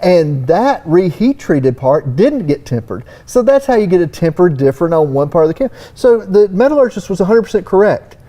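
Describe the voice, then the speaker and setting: This panel guest, a surface-finishing specialist with a Southern US accent, chats casually about technical matters on a trade expo stage. His mellow, high-pitched voice swings widely in pitch at normal speed with hardly any pauses, and his folksy rambling is full of "you know."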